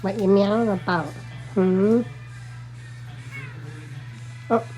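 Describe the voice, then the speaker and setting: A woman's voice: medium pitch, steady tone, drawn-out words, dark tone, soft background music. A woman at home talking baby talk to her cats, cooing in a sing-song voice full of pet names. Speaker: cat owner filming her pets. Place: home indoors.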